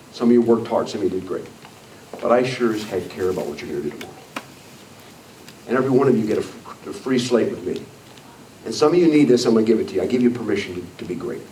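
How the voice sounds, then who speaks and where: A man's voice: lowish voice, a little mellow, slight background noise. A man in his sixties giving a motivational speech to a live audience, blunt and emphatic. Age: 60s. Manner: blunt, emphatic, repeating "I don't care" and "you know what?". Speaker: motivational speaker. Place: meeting room with an audience. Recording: echoey room, voice far from the mic.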